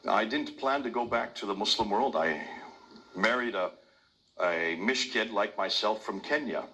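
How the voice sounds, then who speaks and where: A man's voice: on the low side, unhurried, low-quality recording. An older man from India with an American accent, giving an emphatic public talk as a lecturer. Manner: emphatic, forceful delivery.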